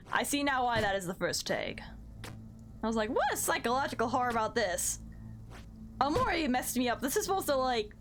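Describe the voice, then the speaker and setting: A woman live-streaming a game, counting her jumps out loud, yelping when she falls and joking with her chat. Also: on the high side, slight background noise. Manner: counts aloud while playing, yelps at failures; self-mocking, playful chatter with chat. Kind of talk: live gameplay commentary. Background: background music.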